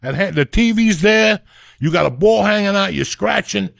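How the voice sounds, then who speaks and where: A middle-aged man, telling crude comic stories in a loud, profane, animated way. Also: sits high, moderate pace, gravelly, dry recording, studio quality. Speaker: comedian and podcast host.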